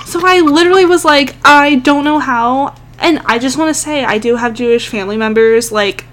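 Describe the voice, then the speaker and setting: A young married woman co-hosting a podcast, self-mocking and animated in casual chat, laughing often. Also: on the high side, quick pace, noisy background. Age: young adult. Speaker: podcast co-host.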